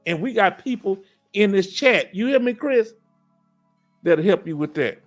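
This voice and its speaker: Southern man, middle-aged, lively stream host, higher voice, faint music behind. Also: a little slow. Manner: animated, preachy, keeps asking "you understand?". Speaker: veteran live-stream host. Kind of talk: casual live-stream chat reading comments.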